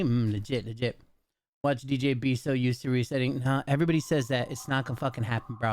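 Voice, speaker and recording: Joking, profane streamer. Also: male voice, fairly high pitch, a little hiss or hum. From Chicago, US. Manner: joking, profane, laid-back. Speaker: livestreamer. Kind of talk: casual chat with viewers. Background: music.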